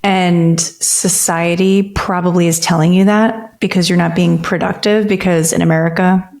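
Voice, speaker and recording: A woman's voice: lowish voice, fairly even intonation, moderate pace, darkish tone. A woman therapist co-hosting a podcast, talking candidly and reflectively in long stretches. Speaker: therapist co-host. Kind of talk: casual podcast chat.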